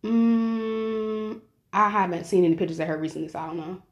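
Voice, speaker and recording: A woman co-hosting a podcast in easygoing, casual chat. She talks with a playful, teasing edge and breaks into laughter easily, with her voice at a middle pitch. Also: little pitch movement, normal speed, faint music behind. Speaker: podcast co-host.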